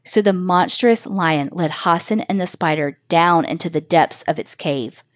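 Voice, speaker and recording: A woman narrating a children's story aloud in a measured, expressive way. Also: on the low side, no room sound, clean studio sound.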